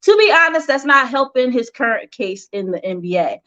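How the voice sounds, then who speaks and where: A woman reads celebrity headlines in a high, bright voice and breaks off for frank, opinionated side comments. The recording sounds dull and lo-fi. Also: big pitch swings, normal speed. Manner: chatty, opinionated asides with laughs. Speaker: host reading celebrity news. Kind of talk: casual gossip news commentary.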